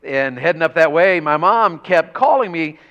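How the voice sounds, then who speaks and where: A man preaching a revival sermon in a church, telling folksy country stories and rising to shouts. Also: a little high, animated, moderate pace, muffled recording. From rural Tennessee.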